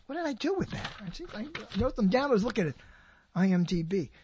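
A man's voice: sits high, big pitch swings, fast talker, darkish tone, slight background noise. An older man hosting his own radio show, rambling and joking to himself, often breaking off mid-sentence. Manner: rambling, self-interrupting, joking. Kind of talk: rambling solo monologue.

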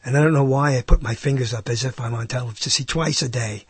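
A man's voice: mid-range voice, fast talker, breathy edge, no echo. A man hosting a live internet radio talk show, rambling and hesitant, with self-mocking asides.

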